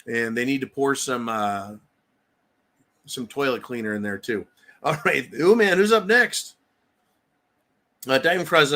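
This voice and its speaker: A man's voice: medium pitch, animated, a little slow, pauses often, bright, forceful tone. A middle-aged man hosting a live stream, reading viewer comments and answering them in a profane, emphatic rant.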